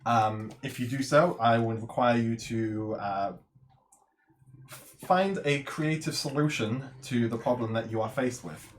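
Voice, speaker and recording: A man of ordinary pitch runs a tabletop game, setting scenes and walking the players through the rules. He speaks in a measured, explanatory way and fills his pauses with um and uh. A faint hiss sits behind him. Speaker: game master.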